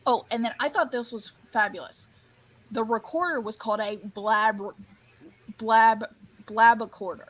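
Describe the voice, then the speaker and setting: Bright high-voiced woman chatting. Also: measured pace, a little hiss or hum, low-quality recording. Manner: animated, quoting movie lines with laughs. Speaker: book club host. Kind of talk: casual podcast chat.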